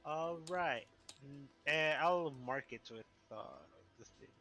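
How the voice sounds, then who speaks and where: A man's voice: on the high side, slow, bright, forceful tone, faint music behind. A man playing in a tabletop game, announcing his attacks and turns matter-of-factly. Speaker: player.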